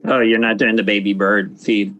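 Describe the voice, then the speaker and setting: Give me a man with a lowish voice calmly calling his attacks in a tabletop game. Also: moderate pace, dull audio. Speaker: player.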